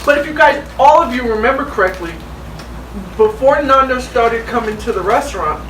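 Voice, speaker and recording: A mother steers a casual family chat over a meal and prompts the others to tell their stories. Her voice sits high. She sounds distant, in a roomy space with faint noise. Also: animated, normal speed. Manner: leads the talk, prompts others to share stories. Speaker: mother, family channel host.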